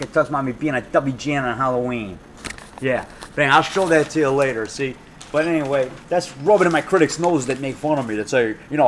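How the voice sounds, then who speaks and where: Rambling excitable man in a diner. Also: medium pitch, fast talker, slight background noise. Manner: excitable, rambling, repeats himself, jumps between topics. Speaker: low-budget horror filmmaker. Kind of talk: rambling casual chat. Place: restaurant.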